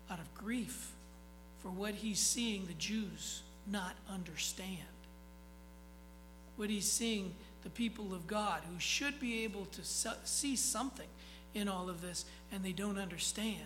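A pastor preaching a sermon in a conversational way, often checking in with the listeners and reading scripture aloud slowly with emphasis. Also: medium pitch, a bit bright, faint music behind, rough recording. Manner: conversational, keeps checking in with "okay?".

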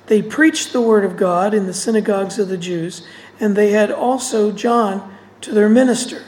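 A woman's voice: mid-range voice, dark tone, slight background noise, poor audio. A woman teaching through a Bible passage, reading verses aloud and explaining them with casual asides.

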